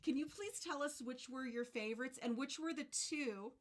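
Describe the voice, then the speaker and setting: A woman co-host in casual interview chat, friendly and quick to laugh. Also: high-pitched.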